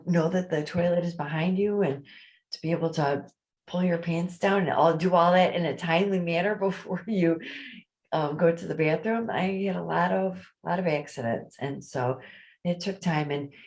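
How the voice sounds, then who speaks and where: A woman with a raspy voice, a guest telling her personal story openly and chattily in an interview. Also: fairly low pitch, steady tone, moderate pace, darkish tone, poor audio. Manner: open, chatty storyteller who acts out quoted voices.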